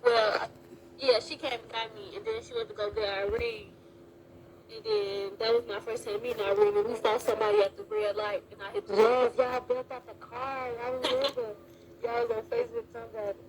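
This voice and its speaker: A woman's voice: on the high side, animated, fairly quick, vocal fry, crowd noise, low-quality recording. A woman in casual live-stream chat, talking loosely and slangily straight to her viewers.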